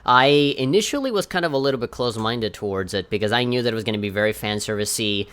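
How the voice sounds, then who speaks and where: A man with a lowish voice that still sounds bright and forceful, with a smooth, resonant tone. He tells a story candidly as a podcast co-host and mocks himself in passing. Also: animated, fast talker. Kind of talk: casual chat.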